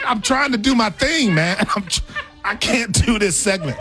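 Animated high-voiced male sports host. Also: normal speed, music in the background. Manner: animated salesman-like game pitch, playful protest. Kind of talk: sports talk show segment.

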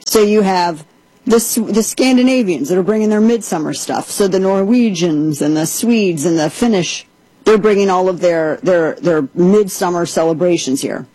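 A woman's voice: on the low side, a little mellow, husky, dry recording, rough recording. A woman podcast host giving a casual commentary monologue, chatty and full of sarcastic asides.

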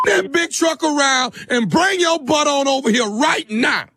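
A man on a prank call voicing a distraught grown man who shouts and cries over his mother's damaged tree. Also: extremely high pitch, unhurried, a little hiss or hum, full character voice. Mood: angry shouting. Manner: shouting, blubbering, confrontational. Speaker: radio prank caller.

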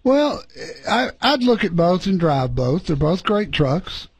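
A man's voice: sits high, sing-song, takes it slowly, breathy edge, low-quality recording. A middle-aged man hosting a call-in radio show about cars, chatty and easygoing as he gives advice. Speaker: radio car show host.

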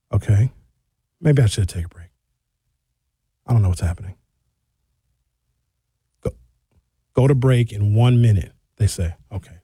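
A man's voice: medium pitch, mellow, no echo. A man hosting a radio talk show, reading listener texts aloud and answering them in a frank, conversational way from the studio. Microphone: studio microphone.

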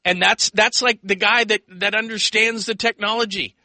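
An American man hosting call-in sports radio, his voice pitched high and very bright. He talks fast in bursts, rambles and acts out quoted people, all of it recorded close and dry. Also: steady tone, no room sound.

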